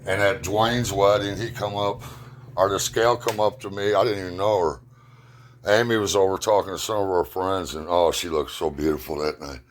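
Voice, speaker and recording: A man's voice: low-pitched, steady tone, normal speed. A middle-aged man telling personal stories at home in a rambling, plain-spoken, profane way. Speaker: storyteller. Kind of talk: casual personal storytelling.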